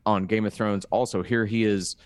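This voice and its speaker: Man, low voice, dry close sound, eager casual co-host, stumbles on starts. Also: fairly even intonation, moderate pace, dry recording. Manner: enthusiastic, repeats words when starting. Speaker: podcast co-host. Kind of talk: casual chat.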